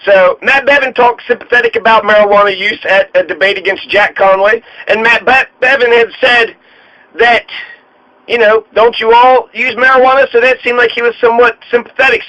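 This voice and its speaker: Sarcastic high-voiced man ranting on politics. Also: sharp tone, lo-fi sound. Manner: heated, sarcastic, repetitive mocking. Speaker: political commentary host. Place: home studio in Colorado.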